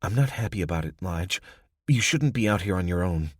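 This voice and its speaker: A man's voice: deep voice, animated, a little fast, no echo, clean studio sound. A man voicing an earnest, questioning young woman who worries for her companion.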